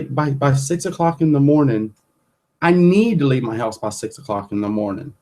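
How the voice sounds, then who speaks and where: A man with a husky, slightly raspy voice, pitched a little higher than most men. He talks bluntly and casually, tossing in mild swearing. It sounds like relaxed, unscripted conversation. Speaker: guest and co-host. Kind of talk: casual chat.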